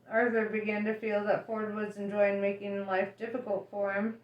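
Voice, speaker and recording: A woman reading a novel aloud as an audiobook reader, lively and expressive. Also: medium pitch, normal speed, few pauses. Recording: echoey room.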